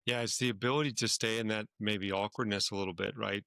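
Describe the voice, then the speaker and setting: Male podcast co-host, low and gravelly, storyteller, dry close mic. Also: quick pace, no room sound. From Washington, D.C. area. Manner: storytelling, animated when quoting others. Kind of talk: casual conversational podcast.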